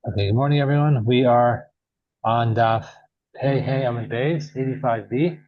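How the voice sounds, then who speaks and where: A man teaching a morning Talmud class, telling a story casually with many pauses and restarts. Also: mid-range voice, no echo. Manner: relaxed, halting, many uhs and restarts. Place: synagogue or study room. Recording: dull, dry recording.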